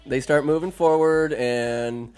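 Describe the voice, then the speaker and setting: A man's voice: a little high, steady tone, slow pace, a little mellow, clean tone, faint music behind. A man hosting a podcast, giving a rambling, crude and sarcastic comedic movie recap. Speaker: podcast host.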